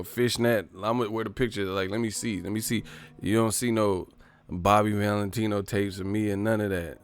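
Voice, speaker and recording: A man's voice: fairly low pitch, smooth, no room sound. A man hosting a live stream, chatting casually, cursing and joking as he reads viewer messages. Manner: profane, joking, puts on voices for bits. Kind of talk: casual live-stream chat reading super chats.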